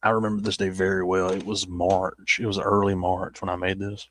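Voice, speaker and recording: A man's voice: sits low, little pitch movement, a little fast, fairly bright tone. A man with a Southern accent chatting casually as he looks back on his old videos, rambling and poking fun at himself. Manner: rambling and self-mocking, with many restarts. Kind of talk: casual chat.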